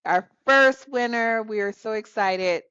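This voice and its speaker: A woman's voice: a little high, unhurried, sharp tone, clean tone, no echo. A woman co-hosting a podcast in a casual, chatty way, often laughing between thoughts. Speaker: podcast co-host. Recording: dull, lo-fi, dry sound.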